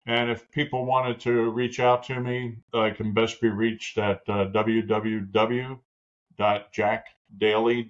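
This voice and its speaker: An older man, a podcast guest and author, talking plainly with many fillers. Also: on the low side. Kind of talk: casual interview talk. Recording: dull lo-fi audio.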